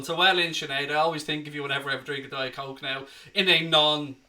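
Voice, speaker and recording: A man's voice: on the high side, fairly even intonation, fast, pushed and bright. An Irish man hosting a live football watchalong, chatting cheekily and reading out viewer comments. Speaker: host.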